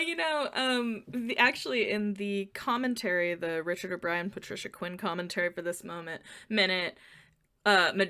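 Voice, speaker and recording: Bright-voiced woman, podcast cohost, laughs a lot, chatty. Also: fairly low pitch, clean tone. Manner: giggly, animated, laughs often. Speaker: podcast co-host. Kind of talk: casual chat.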